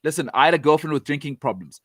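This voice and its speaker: A man delivers opinionated football talk in a fairly high voice, blunt and emphatic, driving each point home by repeating it. His voice is recorded close and dry, with no room sound around it. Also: lively intonation, fast, slightly rough, no room sound. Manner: direct address to fans. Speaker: football pundit.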